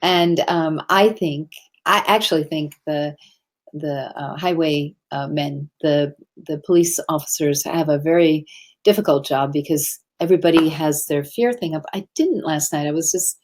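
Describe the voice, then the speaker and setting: Middle-aged woman, casual motivational talk, earnest, meandering storyteller, slightly low voice. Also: normal speed, darkish tone. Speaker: speaker on love and self-expression.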